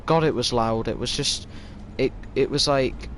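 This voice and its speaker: A man with a Yorkshire accent talks through a live game stream at an unhurried pace. He tells stories in a stop-start way, full of restarts. A faint hum sits behind his mid-range voice. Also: medium pitch, a bit bright, low-quality recording. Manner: rambling, stop-start storytelling. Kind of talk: casual live-stream chat.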